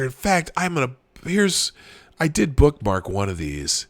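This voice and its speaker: Man, 40s, live-stream host, animated pitch, dry recording, rambling, addresses chat. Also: measured pace, no room sound. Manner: rambling, restarts often, laughs at own jokes; talks to chat viewers directly. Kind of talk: casual live-stream commentary.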